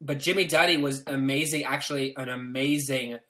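A man's voice: medium pitch, fairly even intonation, brisk, pushed and bright. A man chatting as a podcast guest, rambling and laughing while he tells stories. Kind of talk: casual chat.

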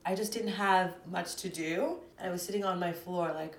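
A woman's voice: on the low side, fairly even intonation, moderate pace. A young woman hosting her own podcast alone, chatting and ranting in a sassy, dramatic way from her apartment. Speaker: podcast host. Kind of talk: solo chatty podcast rant. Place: apartment at home. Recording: roomy echo.

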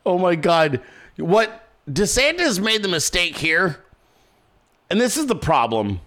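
Animated, crude-talking man reacting. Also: high voice, measured pace. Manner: animated, crude, mocking, swings between mutters and loud outbursts. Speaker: political commentary streamer. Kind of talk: profane reaction commentary.

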